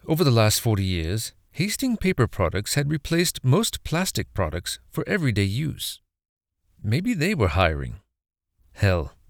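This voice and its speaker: A man telling a horror story as a narrator, in an expressive, dramatic reading. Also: medium pitch, vocal fry, dry recording, studio quality.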